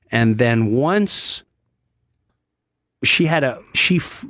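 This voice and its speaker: A man's voice: medium pitch, no room sound, studio quality. Earnest man telling a personal story. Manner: earnest storytelling, acts out other people's voices. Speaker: guest comedian. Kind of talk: casual studio chat, personal story.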